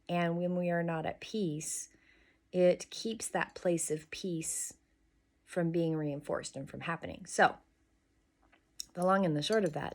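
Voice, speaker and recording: A woman with a slightly low voice hosts a morning devotional. She speaks softly and thoughtfully, pausing and restarting as she muses aloud. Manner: soft, musing, pauses and restarts. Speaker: devotional host. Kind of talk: reflective morning devotional talk.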